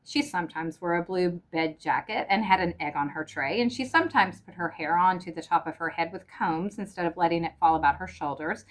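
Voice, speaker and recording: Low-voiced woman reading a short story. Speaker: narrator.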